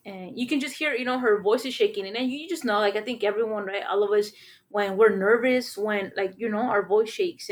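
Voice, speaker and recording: A woman who teaches middle school math, telling a story in casual conversation, with lots of filler words and Spanish words mixed into her English. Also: mid-range voice. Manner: rambling, many fillers, mixes in Spanish words.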